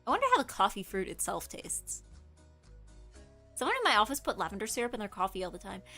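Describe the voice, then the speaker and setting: A woman's voice: mid-range voice, huge pitch swings, fast talker, bright, forceful tone, soft background music. A woman streamer in casual chat, rambling and correcting herself, with lots of filler words. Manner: rambling, chatty, many filler likes, self-correcting.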